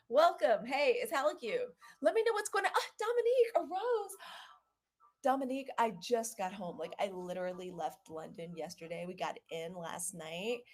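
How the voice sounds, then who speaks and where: A bubbly woman hosts a casual live stream from her home, with a fairly high voice. She welcomes viewers one by one and keeps her talk chatty and upbeat, saying "y'all" often. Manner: bubbly, greets viewers by name, drawls "y'all". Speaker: podcast host. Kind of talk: casual livestream chat.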